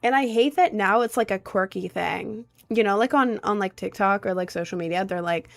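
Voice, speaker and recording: A woman's voice: mid-range voice, normal speed, creaky. Chatty young woman live streamer. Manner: rambling, chatty, answers chat. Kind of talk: casual live-stream chat.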